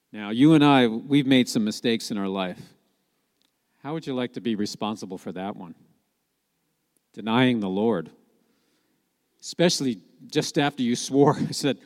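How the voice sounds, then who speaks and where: Man preaching in a reverberant hall. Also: fairly low pitch. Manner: lively storytelling with rhetorical questions. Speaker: Messianic preacher. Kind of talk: sermon.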